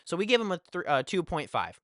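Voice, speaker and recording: A young man telling a casual storytime, animated and full of swearing and filler phrases. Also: sits high, fast talker, no echo, clean studio sound.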